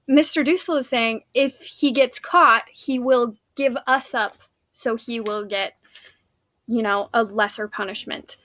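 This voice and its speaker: A woman's voice: on the high side, measured pace, a bit bright, no echo. A woman teacher, recapping a play scene for her students in a casual, chatty way with many fillers.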